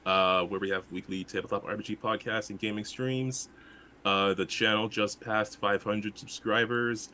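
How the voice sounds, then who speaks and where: A man's voice: fairly low pitch, sharp tone, slight background noise. A man in casual chat plugging his own channel, laughing, upbeat and a bit scattered.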